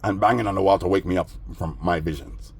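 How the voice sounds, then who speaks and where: Brief: low-pitched man, husky voice, streetwise rambling storyteller with a grievance. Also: fast. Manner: streetwise, peppered with "man" and "bro"; agitated, aggrieved. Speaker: vlogger.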